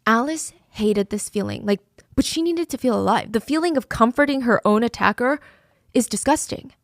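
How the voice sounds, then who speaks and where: A woman's voice: mid-range voice, normal speed, fairly bright tone, no echo, clean studio sound. A woman telling a true crime story in a casual, conversational way, with fillers like "like" and "I mean".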